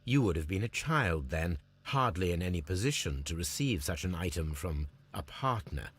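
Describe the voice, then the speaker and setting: A man voicing a calm, sharp-minded male detective in a video game, questioning a suspect in a measured, deductive way. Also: low voice, husky, heavily acted. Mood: probing. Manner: measured, deductive and coolly probing.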